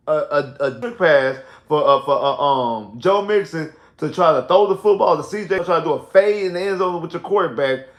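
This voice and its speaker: Streaming from home with headphones, this host vents about a football game afterward in a casual, emphatic, repetitive way, his frustration building into exasperation. His voice runs on the high side at a moderate pace with hardly any pauses, and the room echoes.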